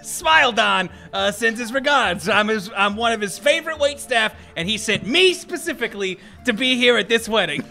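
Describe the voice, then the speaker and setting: A man's voice: sits high, lively intonation, normal speed, creaky, hardly any pauses, pushed and bright, soft background music. A man playing a tabletop game, talking in character in a flustered, apologetic way. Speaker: player. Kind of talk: in-character role-play.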